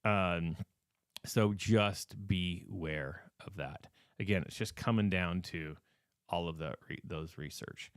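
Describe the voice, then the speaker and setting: A man's voice: low-pitched, slow, clear, resonant tone, no echo, studio quality. A man hosting a podcast who is losing his voice, giving casual advice with emphatic, repetitive warnings and many fillers. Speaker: podcast host.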